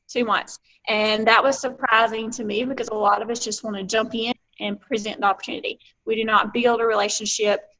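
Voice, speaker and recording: Bright-voiced Alabama woman giving a pep talk. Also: fairly high pitch, rough recording. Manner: earnest, emphatic, acts out quoted exchanges. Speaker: guest speaker on a team coaching call. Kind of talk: motivational talk. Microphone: phone or computer on a conference call.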